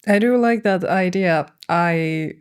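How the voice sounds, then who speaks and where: A woman's voice: on the low side, slow pace, clear, resonant tone. A young woman, a band's business person and vocalist, talking things over hesitantly in a casual podcast conversation. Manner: thoughtful, hesitant, with frequent fillers and laughs. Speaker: band manager and vocalist, podcast guest.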